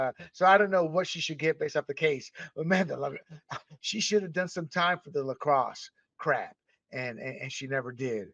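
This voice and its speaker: A man from Panama hosting a podcast, delivering an impassioned, emphatic opinion monologue that swings between loud and soft. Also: fairly high pitch, dry recording. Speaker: podcast host. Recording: dull, slightly muffled dry recording.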